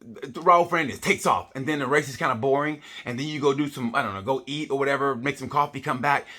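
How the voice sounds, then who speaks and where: A man's voice: mid-range voice, fast, sharp tone. A middle-aged man giving a casual comedic race review, blunt, profane and rambling. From United States. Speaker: motorsport vlogger.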